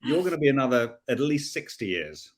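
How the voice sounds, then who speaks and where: A man's voice: medium pitch, big pitch swings, a little fast. A man hosting a casual chat who rambles through long, searching questions to his guest. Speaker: podcast host.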